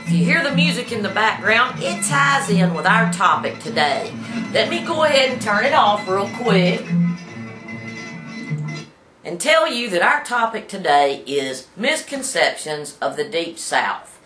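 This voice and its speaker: A woman's voice: mid-range voice, big pitch swings, measured pace, reverberant, over music. A middle-aged woman from Alabama with a Southern accent, hosting a casual talk show from her office in a folksy, opinionated way, with many fillers and repeated words. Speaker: host.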